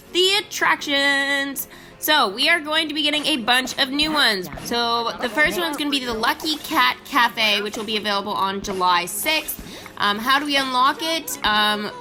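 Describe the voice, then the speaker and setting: A young woman talks through a mobile game for her viewers in a bright, clear voice, chatty and easily excited. Faint game music runs behind her. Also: mid-range voice. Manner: chatty and excitable, with frequent ums and sudden squeals. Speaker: mobile game channel host. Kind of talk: casual gameplay commentary.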